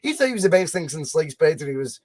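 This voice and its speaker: High-voiced sweary Scottish co-host. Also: male voice, very animated, quick pace, darkish tone. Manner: sweary, mocking storyteller. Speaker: podcast co-host. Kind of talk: casual banter.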